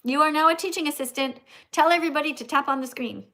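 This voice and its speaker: A woman's voice: sits high, quick pace, sharp tone. A middle-aged American woman hosting a livestream in casual chat, emphatic and scolding, repeating herself. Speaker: livestream host.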